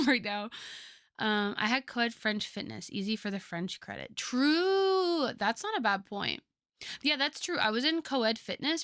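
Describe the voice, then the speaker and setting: A woman's voice: mid-range voice, no room sound, clean studio sound. A woman in her twenties chatting casually with viewers as a streamer, chatty with lots of fillers. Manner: chatty, lively, filler-heavy.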